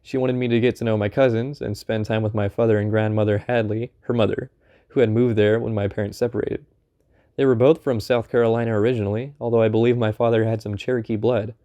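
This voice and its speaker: A man reading a first-person memoir aloud in an unhurried, conversational storytelling manner. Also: fairly low pitch, little pitch movement, mellow, dull audio. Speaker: audiobook narrator.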